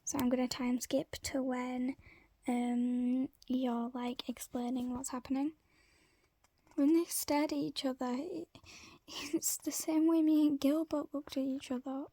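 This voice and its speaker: A woman casually narrating a fan story, halting and often slipping into a whisper. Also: high voice, level tone, mellow.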